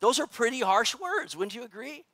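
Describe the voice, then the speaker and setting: A middle-aged man, a pastor, preaching in a church, animated and joking with the congregation. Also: extremely high pitch, normal speed, dry recording. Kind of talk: sermon. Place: church sanctuary.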